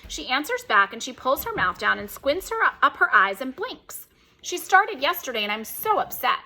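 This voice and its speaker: Fretful proper mother, read by a woman; earnest, bright. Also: high-pitched, sing-song, normal speed, exaggerated voice. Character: worried, proper young mother.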